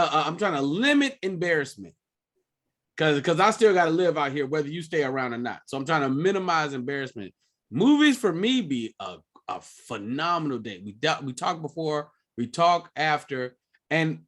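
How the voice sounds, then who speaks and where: A man hosting a comedy podcast in casual chat, animated and laughing often, jumping high when he acts out stories. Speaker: podcast host.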